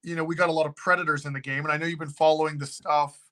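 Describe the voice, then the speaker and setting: Swearing freely, a guest who owns a haunted location spins a story in lively, casual talk. He speaks rapid-fire, with a pitch on the high side.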